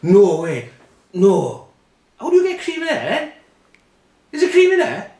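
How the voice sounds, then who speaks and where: A man's voice: high-pitched, very animated, unhurried, warm tone, reverberant, pitched above the performer's own voice. A man doing a shrieking, amazed young rugby player. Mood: astonished shrieking. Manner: squealing in disbelief, repeating himself. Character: wildly excited young male rugby player, gullible and shrieking.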